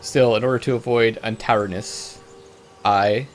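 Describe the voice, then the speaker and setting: A man playing a text adventure game, reading its narration aloud and thinking out loud over his choices. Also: medium pitch, animated, creaky, faint music behind. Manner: reads narration in a plain measured voice, thinks aloud between choices. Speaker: let's play gamer.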